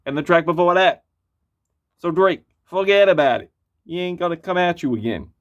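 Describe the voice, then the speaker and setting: A man's voice: high-pitched, lively intonation, normal speed. A man giving a casual spoken album review, blunt and profane, rambling with lots of fillers. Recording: muffled lo-fi recording.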